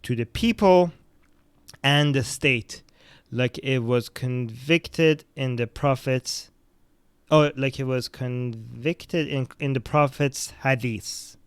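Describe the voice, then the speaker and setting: A man's voice: mid-range voice, takes it slowly, smooth, dry recording. Blunt, profane man hosting a podcast. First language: not English. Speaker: podcast host. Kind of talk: casual news commentary reading viewer comments.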